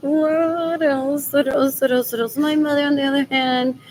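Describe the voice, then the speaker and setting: Out running errands, a vlogger from Puerto Rico rambles in a high, darkish voice, keeping a steady tone and moderate pace. Her talk jumps between English and Spanish, with "what else" repeated over and over. The audio is low quality with a bit of hiss or hum.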